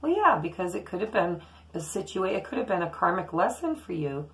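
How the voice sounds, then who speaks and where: A woman's voice: on the low side, very animated, brisk, poor audio. A woman giving a casual, rambling daily tarot reading straight to camera, talking in a chatty, intuitive way. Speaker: tarot reader.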